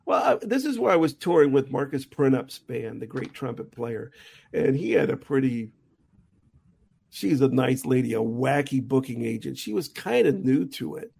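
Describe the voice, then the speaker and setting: A man's voice: mid-range voice, expressive, moderate pace, gravelly, a little mellow, slightly rough. A middle-aged man, a jazz musician and teacher, casually telling a rambling anecdote with many restarts. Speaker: touring jazz musician and college teacher, guest. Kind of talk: casual storytelling in a conversation.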